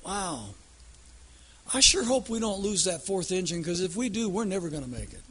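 A man's voice: high-pitched, very animated, moderate pace, bright, forceful tone, husky, full character voice. A man voicing a worried little boy on a plane, in near his own voice.

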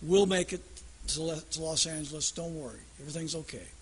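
A man playing an airline captain who calmly reassures his passengers over and over. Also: a little high, brisk, a little hiss or hum, natural voice. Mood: reassuring. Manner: repeated soothing announcements.

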